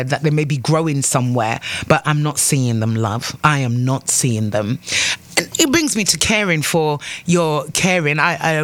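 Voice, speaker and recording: A woman's voice: low voice, dry recording. Antiguan woman hosting morning radio. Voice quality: rambling, repeats words, warm asides to listeners. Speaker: radio talk show host. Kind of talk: morning call-in radio chat.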